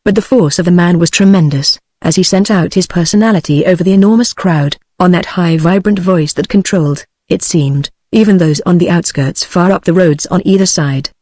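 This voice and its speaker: A text-to-speech woman's voice with a British English accent, reading a novel in an even, measured way. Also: fairly low pitch, no echo. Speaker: audiobook narrator.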